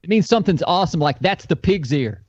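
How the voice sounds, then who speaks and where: A woman giving deadpan joke answers in a quiz on a live stream. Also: lowish voice, fast. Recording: muffled noisy remote audio.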